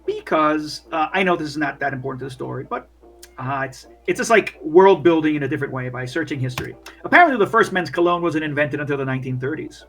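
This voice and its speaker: A man's voice: a little high, lively intonation, fast, fairly bright tone, husky, faint music behind. A man running a tabletop game as game master, rambling with lots of fillers. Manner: rambling, many fillers, laughs often.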